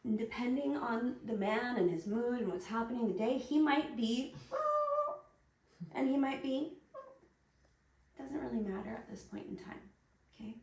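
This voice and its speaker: A woman giving soft, soothing guided instruction and gentle encouragement as a workshop instructor. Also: mid-range voice. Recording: roomy echo, distant mic, faint noise.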